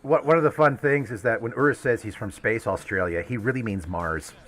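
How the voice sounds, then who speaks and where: A man running a tabletop game as game master, narrating with a lively manner and frequent laughs. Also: medium pitch, brisk, faint music behind.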